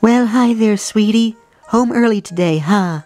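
A fussy mother Toad with a sing-song, motherly lilt, as a woman puts her on. Her voice sits a little higher than an everyday one, sugary yet ready to scold. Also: measured pace, darkish tone, soft background music, lightly acted. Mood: sweet.

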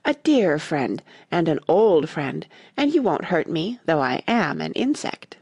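A woman voicing a tiny, sad male gnat in a storybook, speaking in a small, soft, plaintive voice. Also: deep voice, very animated, unhurried, husky, no echo, heavily acted. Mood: wistful.

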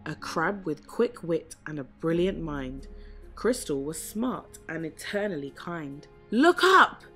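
Brief: a gentle woman reading a rhyming children's story unhurriedly over quiet music. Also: low voice, expressive. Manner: slow, gentle, measured reading. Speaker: storybook reader. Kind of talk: rhyming picture-book read-aloud. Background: soft background music.

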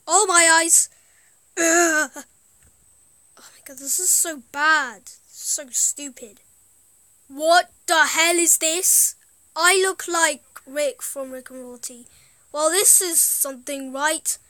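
A woman gives rambling, easily amused commentary on a game, her thoughts often trailing off. Her voice is high and bright, and her delivery is unhurried. The recording is close and dead dry. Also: dry recording. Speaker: gaming video host. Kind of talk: casual gameplay commentary.

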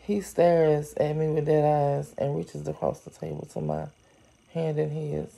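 Reading a story out loud at an easy pace, a woman uses a deep, gravelly voice that sounds dark and mellow. Every so often she pauses her steady reading to react with lively exclamations about the text.

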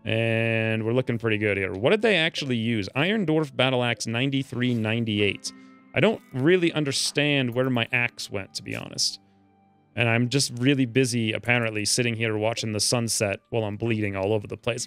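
A man's voice: mid-range voice, a little fast, clean tone, soft background music. A man giving casual, joking commentary over a game, now and then ranting in character as his angry dwarf. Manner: joking, animated, voices his dwarf's rants. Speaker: let's play host.

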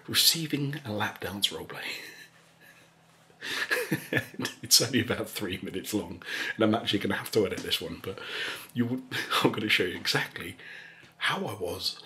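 A man telling a rambling story in a soft, casual way, laughing often and slipping into whispers. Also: lowish voice. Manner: rambling and chuckling, drops into whispers. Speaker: ASMR channel host.

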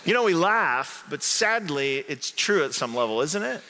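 A man's voice: on the high side, very animated, moderate pace, sharp tone. A male pastor from southern Indiana preaching a conversational sermon in a church, often asking "right?". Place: church sanctuary. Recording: echoey sanctuary hall.

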